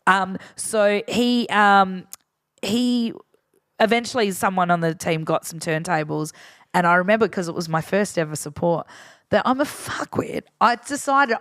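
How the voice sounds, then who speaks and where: A woman in her forties, a DJ, chatting casually on a podcast and telling animated stories full of swearing. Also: mid-range voice, a little slow, no echo, clean studio sound. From Australia. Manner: animated storyteller, swears freely, acts out voices in anecdotes. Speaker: DJ guest.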